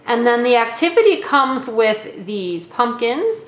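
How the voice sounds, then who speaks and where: A woman's voice: fairly high pitch, very animated, a little slow. A woman teacher casually demonstrating classroom learning activities at a table, explaining step by step and checking in with "okay" and "all right". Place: indoors at a table. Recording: echoey room with faint noise.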